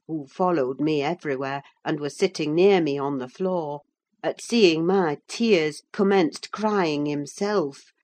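A woman narrating a classic novel as an audiobook, in a measured, unhurried reading. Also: low-pitched, a little mellow. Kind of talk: scripted narration.

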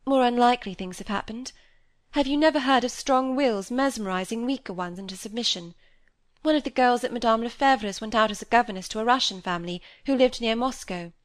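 A woman's voice: on the high side, no room sound, studio quality, pitched above the performer's own voice, close to an everyday voice. Woman reading Cynthia, breezy young woman. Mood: restless. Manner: breezy, quick to dismiss. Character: lively teasing young woman, flippant.

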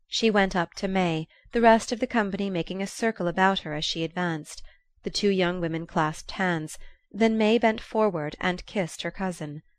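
A woman narrating a classic novel aloud in a measured, even storytelling manner. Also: on the low side, no echo. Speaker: audiobook reader. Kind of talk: scripted narration.

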